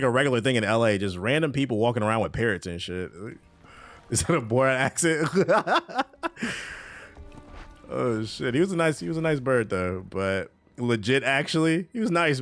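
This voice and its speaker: Male streamer, casual and profane chatter over gameplay, very lively pitch. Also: normal speed, soft background music. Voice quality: profane, loose and animated. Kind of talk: casual chat while gaming on stream.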